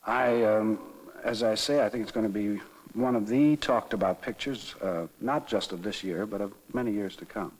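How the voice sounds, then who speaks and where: Husky, somewhat low voice with a slow, hesitant delivery full of "uh"s. He is a middle-aged actor interviewed on a film set. The sound is a reverberant 1960s archive recording. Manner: halting, measured, many filler pauses. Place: film studio.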